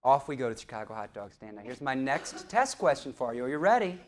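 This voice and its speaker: A middle-aged man from St. Louis, a professional speaker telling a story on stage, animated and playful, quizzing the audience. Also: medium pitch, quick pace. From St. Louis, USA. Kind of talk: storytelling keynote speech.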